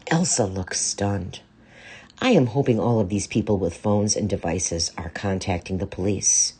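Narrator: earnest, measured woman, very low and husky. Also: lively intonation, warm tone. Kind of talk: first-person story reading.

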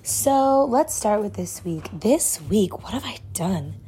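A young woman hosting her own podcast in a bubbly, loud, chatty way, full of "like" fillers, talking into a phone with a clip-on mic as if sending a voice memo. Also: medium pitch, expressive, slow pace, slight background noise. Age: young adult. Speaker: podcast host. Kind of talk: casual chat, like a voice memo. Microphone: phone with clip-on lav mic.

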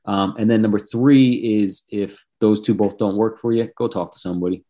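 Male podcast host, lower voice, relaxed recap-and-pitch delivery. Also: moderate pace. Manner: recaps points and pitches the program. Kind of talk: casual podcast interview.

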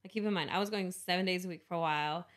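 A woman's voice: fairly low pitch, rapid-fire. A young woman co-hosting a casual podcast chat. She rambles, restarts her sentences and laughs easily. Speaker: podcast co-host.

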